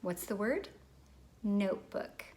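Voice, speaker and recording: A woman's voice: mid-range voice, lively intonation, takes it slowly, darkish tone. A woman teaching a recorded phonics lesson to young children, patient and prompting them to repeat words.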